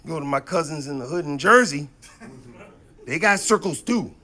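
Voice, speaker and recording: Male stand-up comic, high-ish and animated, storytelling into a handheld mic. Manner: animated, quick to act out quotes. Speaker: stand-up comedian. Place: comedy stage before a live audience.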